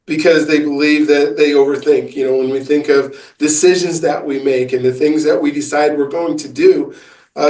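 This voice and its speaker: Halting man telling a story, echoey. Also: a little high, darkish tone, recorded from a distance. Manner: halting, full of fillers and restarts. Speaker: author and business coach. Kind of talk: storytelling interview answers.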